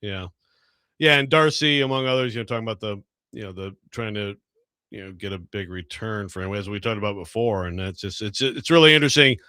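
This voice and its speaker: A man co-hosting sports radio with a bright, forceful tone. He talks in halting phrases padded with "you know." The recording is close and dry. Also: lowish voice, clean tone, no room sound. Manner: hesitant, full of "you know" fillers. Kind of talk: casual sports talk.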